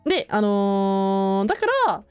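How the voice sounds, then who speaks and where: A young woman streamer chatting casually with her viewers, relaxed and full of filler words, often laughing between thoughts. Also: mid-range voice, normal speed, clear, resonant tone, dry recording, faint music behind. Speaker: streamer hosting her own channel.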